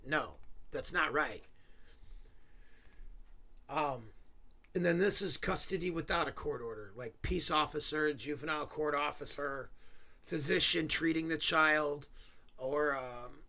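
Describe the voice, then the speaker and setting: A man delivers a heated, sarcastic rant, swearing as he goes. His voice sits a little high and has a gravelly edge. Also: unhurried, pauses often, sharp tone. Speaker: video host. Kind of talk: angry ranting commentary.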